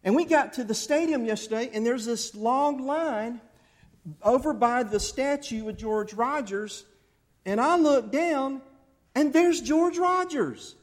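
Fervent preacher, high voice. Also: male voice, a little slow. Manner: swings from loud fervent bursts to soft intimate asides. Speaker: pastor. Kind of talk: sermon.

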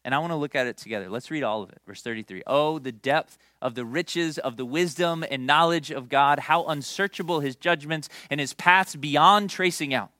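A young male pastor delivers a sermon in an animated, conversational way, sliding into stories and asides to the crowd. His voice sits a little high and sounds bright and tense. The sound is dry and close. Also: normal speed, few pauses, no room sound.

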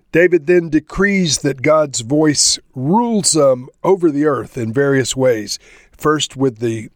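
A man reading a psalm aloud and explaining it in a devotional teaching, unhurried, stressing the verses he reads. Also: mid-range voice, no room sound, studio quality. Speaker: Bible teacher.

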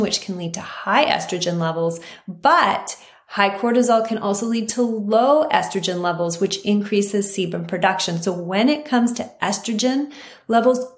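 A woman naturopathic doctor hosting a health podcast, talking earnestly and emphatically and repeating her key points. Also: mid-range voice. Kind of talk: scripted health talk. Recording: roomy echo.

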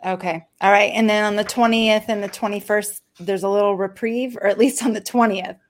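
A woman hosts a podcast with a middle-pitched, casual voice. She sums up her guest's points in a relaxed, conversational way. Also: brisk. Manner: summarizing, conversational. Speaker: podcast host.

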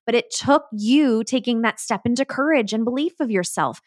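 A woman's voice: fairly high pitch, normal speed, hardly any pauses, no room sound, studio quality. Enthusiastic woman hosting a solo podcast. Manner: enthusiastic, emphatic, motivational. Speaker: podcast host and business coach.

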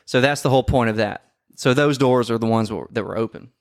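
A man telling a story in casual podcast chat, swearing often and acting out quoted lines loudly. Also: medium pitch, fast talker, no echo, studio quality. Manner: profane, animated, acts out quotes loudly. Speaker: podcast co-host.

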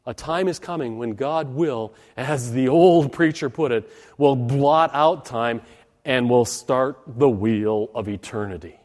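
A man's voice: medium pitch, a little slow, darkish tone, big-room sound. A man preaching a sermon with dramatic, rising and falling delivery and repeated phrases.

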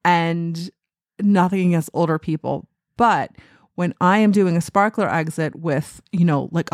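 Chatty low-voiced woman recounting a story. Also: no room sound, studio quality. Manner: chatty, animated retelling with frequent "like" fillers. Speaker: wedding photographer and podcast host. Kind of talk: casual storytelling podcast.

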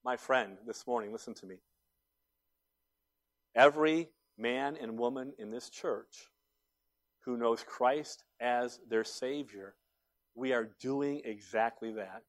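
A man preaching a sermon in a church, dropping to a hush and rising to loud, urgent appeals. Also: mid-range voice, slow pace, long pauses. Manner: preaching with big swings between hushed and loud. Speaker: pastor.

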